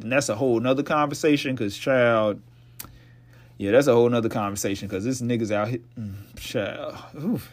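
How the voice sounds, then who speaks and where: A young man hosting his own podcast, giving blunt, profane relationship advice in casual commentary, his voice a little hoarse. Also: mid-range voice. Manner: blunt, profane, preachy, laughs often. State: slightly hoarse voice. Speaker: podcast host.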